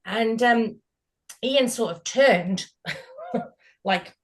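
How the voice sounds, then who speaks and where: A middle-aged woman with a British accent, hosting a group discussion and telling stories in a casual, animated way, acting out the voices of people in them. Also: medium pitch, measured pace, long pauses. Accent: British English. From Britain. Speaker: group session host.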